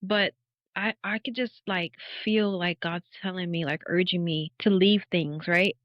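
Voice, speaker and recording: A woman in her thirties, a podcast guest, telling her faith testimony as a lively story, acting out the dialogue and laughing often. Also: on the low side, measured pace, no echo. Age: 30s. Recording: dull, dry podcast audio.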